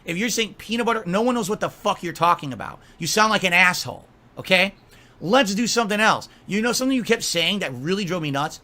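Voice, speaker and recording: A man's voice: high voice, animated, fast, bright, forceful tone. A man delivering an angry, profane rant, scolding and mocking someone at length. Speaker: streamer.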